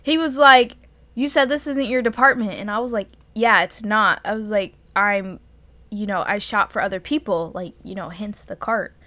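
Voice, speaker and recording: Podcast co-host, young woman, bright and dry-sounding voice, casual profane storyteller. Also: medium pitch, normal speed, dry recording. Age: young adult. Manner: profane, exasperated storytelling with frequent laughs.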